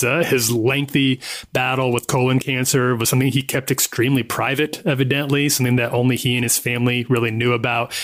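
A man hosting a podcast, talking casually with some halting restarts. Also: mid-range voice, a bit bright, no room sound, clean studio sound. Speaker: podcast host. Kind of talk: casual chat.

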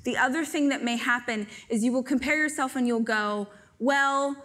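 A woman giving a live stage talk to an audience, telling stories in an animated, joking way. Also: fairly high pitch, fairly quick. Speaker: motivational speaker.

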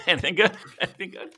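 Nursing a sore shoulder, this wrestling podcast co-host speaks in a high, slightly rough voice. He rambles and curses casually, telling stories with animated energy.

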